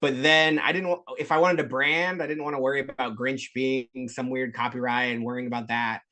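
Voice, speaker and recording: A man's voice: medium pitch, steady tone, a little fast, pushed and bright. A man being interviewed as a guest creator, laid-back and self-deprecating, on a glitchy video call. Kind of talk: casual interview chat.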